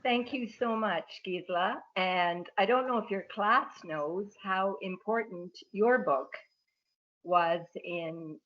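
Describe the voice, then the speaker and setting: Over a video call, an Irish guest author speaks and reads from her book in a measured, reflective way. Her voice is mid-range, and the audio sounds dull.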